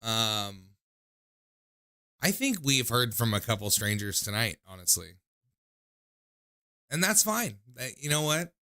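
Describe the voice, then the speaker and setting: Young guy hosting a call-in stream, rambly and self-mocking, gravelly edge, bright tone. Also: mid-range voice, very animated, slow pace, long pauses. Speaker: call-in show host. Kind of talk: casual livestream call-in chat.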